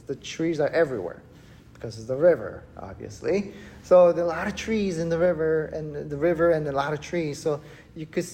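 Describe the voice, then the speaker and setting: A preacher gives a relaxed, conversational sermon at an unhurried pace. The delivery is animated and talky, and the speaker keeps turning to the listeners for agreement. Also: medium pitch. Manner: animated, chatty, keeps asking "right?". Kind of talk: casual conversational sermon storytelling. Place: church worship service.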